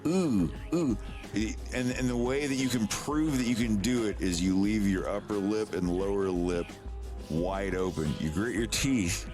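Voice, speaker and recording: A man's voice: lowish voice, moderate pace, music in the background. A man chatting casually on a live stream, rambling and swearing as he demonstrates mouth sounds.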